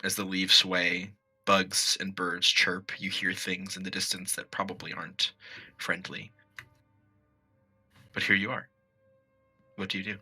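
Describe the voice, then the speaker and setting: A man's voice: sits low, flat delivery, a little slow, long pauses, pushed and bright, slightly rough, faint music behind. A man running a tabletop role-playing game as game master, narrating the scene in a playful storytelling manner.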